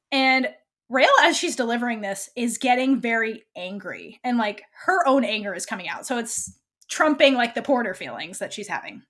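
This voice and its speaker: A woman's voice: a little high, normal speed. A woman co-hosting a podcast, casually recapping a TV episode and acting out the characters' lines as she goes. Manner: animated, acts out characters' lines while recapping. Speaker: podcast co-host.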